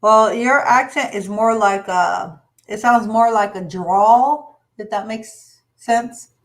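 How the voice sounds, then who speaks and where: A woman's voice: medium pitch, slow pace. A woman from California chatting casually on a livestream, friendly, asking questions and teasing. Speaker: livestream co-host. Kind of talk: casual chat.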